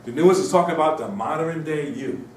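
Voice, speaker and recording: A man from Mauritania giving an informal, animated lecture to a small audience, repeating himself and slipping into mocking voices. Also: fairly high pitch, fairly quick, slight background noise. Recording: echoey room, distant mic.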